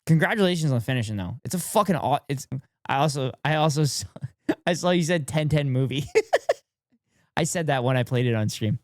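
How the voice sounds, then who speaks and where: Excitable male streamer, dry sound. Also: fairly high pitch, fairly quick, no echo. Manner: excitable, repeats phrases, laughs often. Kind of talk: casual reaction commentary to chat.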